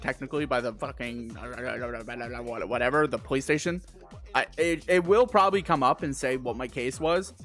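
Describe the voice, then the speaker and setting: A young man live-streaming an animated, profane storytime, with sudden incredulous outbursts. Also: fairly high pitch. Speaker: livestreamer.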